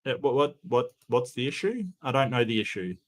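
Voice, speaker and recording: Male commentary host, lively up-and-down delivery, incredulous reactions. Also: a little fast. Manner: incredulous, rising in pitch when objecting. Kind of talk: casual live commentary.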